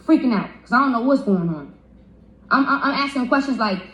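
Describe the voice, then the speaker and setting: A woman's voice: a little high, expressive, fairly quick, bright, forceful tone, lo-fi sound. A young woman telling a story on a livestream, stumbling and repeating words as she gets upset. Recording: roomy echo.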